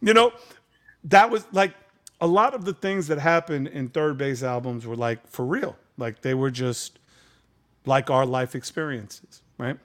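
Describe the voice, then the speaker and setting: A man's voice: mid-range voice, unhurried. A man, a guest on a conversational show, telling a story casually and with animation. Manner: animated, laughing, lively storyteller.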